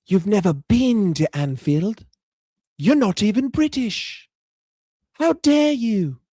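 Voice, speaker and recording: A man putting on a furious male football fan in a mock Scottish accent, shouting insults indignantly. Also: high voice, animated, slow pace, dry recording, clean studio sound, full character voice.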